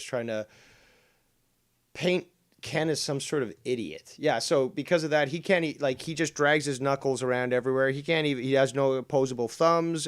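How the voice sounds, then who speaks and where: A man on a livestream, mocking his opponent with heavy sarcasm. His voice sits at a middle pitch, and the mic sound is dry and close with no room echo. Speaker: livestream commentator. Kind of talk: livestream argument.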